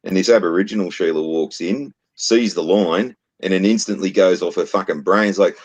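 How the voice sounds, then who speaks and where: A man's voice: low-pitched, moderate pace, hardly any pauses. A man from Australia with an Australian accent, ranting bluntly and profanely in casual chat.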